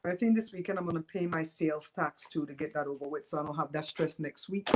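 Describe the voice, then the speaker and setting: With a low, steady voice and a fast pace, this Belizean woman in her fifties chats with viewers on her home livestream. She's loose, teasing and opinionated, and there's noise in the background.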